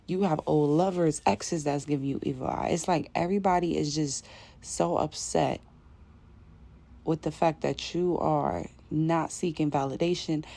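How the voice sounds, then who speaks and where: A woman's voice: sits low, steady tone, unhurried, vocal fry, warm tone. A woman delivering an intuitive spiritual message to her viewers, in emphatic, casual, slangy talk that repeats its points. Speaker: spiritual reader.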